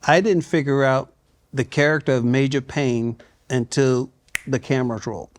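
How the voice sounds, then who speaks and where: An older man as an interview guest, speaking in a relaxed, halting way, often repeating words and dropping into hushed asides when he quotes himself. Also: medium pitch.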